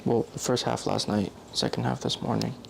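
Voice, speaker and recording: A man's voice: mid-range voice, steady tone, moderate pace, gravelly, slight background noise. A young man vlogging in a loose, rambling way, correcting himself often and filling gaps with "like". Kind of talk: casual rambling monologue.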